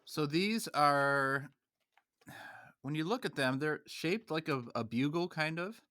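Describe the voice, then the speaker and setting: A man's voice: on the high side, slow, sharp tone, no room sound. A man hosting a podcast, steering a chatty talk through snack reviews. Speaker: podcast host. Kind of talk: casual chat.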